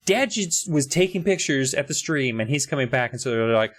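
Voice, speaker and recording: A man's voice: medium pitch, expressive, fairly quick, few pauses, fairly bright tone. A young man co-hosting a podcast, riffing in casual comedic chat, rambling and profane. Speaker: podcast co-host.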